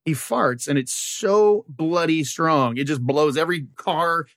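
A man's voice: a little high, measured pace, fairly bright tone, dry recording. Joking podcast man, dry close sound. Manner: spins crude comic bits, acts out quoted voices. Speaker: podcast co-host. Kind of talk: casual comedic podcast banter.

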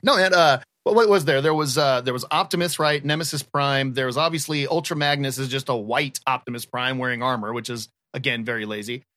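A man chatting on a podcast among friends, quick and jokey. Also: mid-range voice, sharp tone, no room sound, studio quality. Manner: quick, jokey, does voices for laughs. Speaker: podcast guest. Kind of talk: casual chat among friends.

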